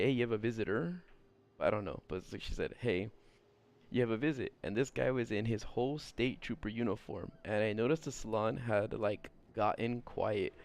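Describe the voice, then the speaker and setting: A man's voice: mid-range voice, darkish tone. Exasperated rambling man streaming. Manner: exasperated, rambling, swears, laughs at what he reads. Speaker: streamer reading viewer stories. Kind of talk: casual live-stream commentary.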